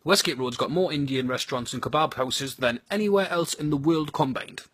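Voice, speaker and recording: A man's voice: a little high, fairly quick, fairly bright tone, no room sound. A man with a Geordie accent giving a crude, blunt and sardonic comic monologue about his home city. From North East England.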